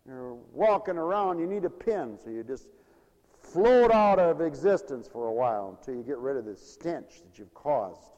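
Preacher man, high and sing-song, fervent, booming then hushed, reverberant hall. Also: animated, moderate pace, lo-fi sound. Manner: fervent, swings from loud to hushed storytelling. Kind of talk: sermon.

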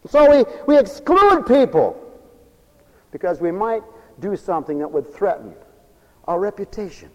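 High-voiced fiery preacher. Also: male voice, big pitch swings, moderate pace, pauses often, in a large hall, lo-fi sound. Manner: folksy, emphatic, swings from hushed to shouting. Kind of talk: fiery sermon.

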